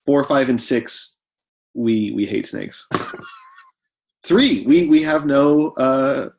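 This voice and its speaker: A man's voice: mid-range voice, animated, slow pace, a little mellow, slight background noise, rough recording. A man playing a tabletop game, asking the table questions in a casual way. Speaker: player.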